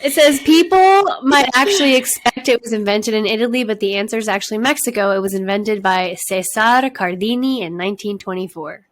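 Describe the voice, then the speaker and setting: A woman's voice: mid-range voice, brisk, hardly any pauses. A woman hosting a casual family podcast and reading out trivia questions in an upbeat, playful way. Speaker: podcast host.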